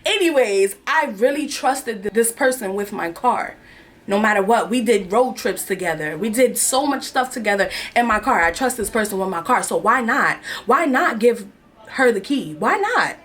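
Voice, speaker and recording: A woman's voice: fairly high pitch, lively intonation, moderate pace, a bit bright. A young woman in her twenties from New York, telling a personal story to camera in candid, slangy, emotional chat. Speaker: vlogger. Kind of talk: casual confessional chat.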